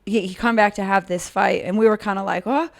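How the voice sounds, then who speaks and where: A woman co-hosting a podcast, telling stories excitedly in casual chat, laughing often and swearing. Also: medium pitch, quick pace, creaky. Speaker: podcast co-host.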